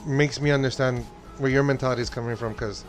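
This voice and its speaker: A man's voice: mid-range voice, fairly even intonation, fast, soft background music. A man from El Paso co-hosting a pop-culture podcast in casual chat, rambling with frequent restarts. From El Paso, Texas. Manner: rambling, frequent restarts, quotes voices playfully. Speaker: podcast co-host.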